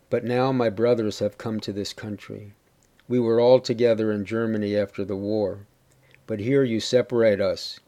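A man's voice: fairly low pitch, warm tone, close to an everyday voice. A man voicing a stern immigrant father who speaks firmly and makes angry demands, read as part of a storybook narration. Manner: firm, demanding.

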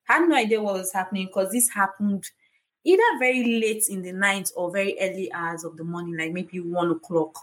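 A woman's voice: mid-range voice, fairly quick. A young adult woman from Nigeria hosting a podcast, telling a personal story candidly with many fillers. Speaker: podcast host, foundation founder.

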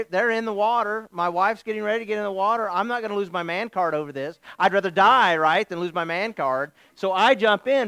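A male pastor delivers a sermon full of humorous storytelling, animated and joking. His voice is high for a man, smooth and resonant, recorded dry and close with no room echo.

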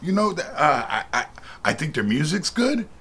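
An older man, a passer-by on the street, answering questions in a halting, rambling, joking way. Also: a little high, very animated, a bit bright. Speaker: passer-by interviewee. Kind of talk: casual street interview. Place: outdoors on a street.

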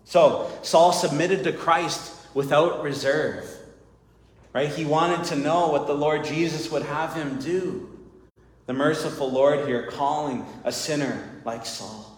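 Earnest preacher in an echoey hall. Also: male voice, a little high, slow. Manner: earnest, repeats "right?" and "friends". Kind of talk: sermon. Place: church. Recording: echoey hall with long reverb.

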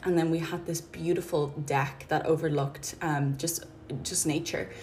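A woman's voice: low-pitched, steady tone, measured pace, slight background noise. A woman hosting a podcast, talking through her thoughts in a rambling, earnest way with lots of "like" and "um". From Ireland. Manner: rambling, heavy use of "like" and "um", gentle and earnest. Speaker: podcast host. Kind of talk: casual reflective podcast monologue.

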